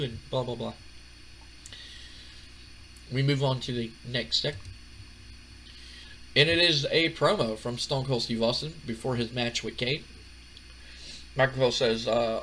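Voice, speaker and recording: A man's voice: mid-range voice, moderate pace, pauses often, slight background noise. Rambling man narrating a wrestling sim. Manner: relaxed, rambling, many fillers. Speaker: gaming channel host. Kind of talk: casual let's-play commentary.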